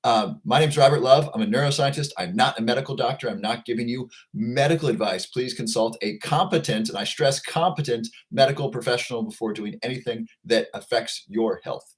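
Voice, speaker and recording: An upbeat man hosts a casual livestream, greeting viewers one by one from the chat. His voice sits at an ordinary middle pitch for a man. He talks to the camera from a home setup. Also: a little fast, few pauses. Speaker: livestream host.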